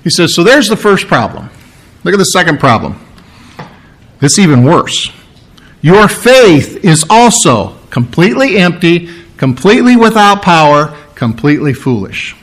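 A man's voice: a little high, a bit bright. A man preaching an expository sermon, teaching verse by verse in an emphatic way and repeating key words for weight.

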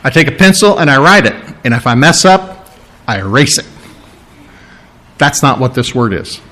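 A man's voice: medium pitch, sing-song, normal speed, bright, forceful tone. A man preaching a sermon, teaching through a Bible passage with emphatic, repeating phrases. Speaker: pastor.

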